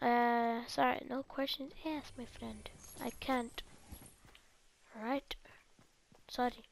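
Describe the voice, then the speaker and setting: A woman's voice: on the high side, fairly even intonation, slow, gravelly, a little hiss or hum. A teenage girl giving casual, rambling gameplay commentary and talking straight to her viewers. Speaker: gaming video creator.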